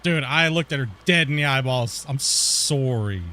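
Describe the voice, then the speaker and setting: A man's voice: on the high side, fairly even intonation, a little fast, bright, forceful tone. A man streaming a game and telling a story in a rambling, slangy way, calling people dude and bro. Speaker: gaming streamer. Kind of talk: casual storytelling while gaming.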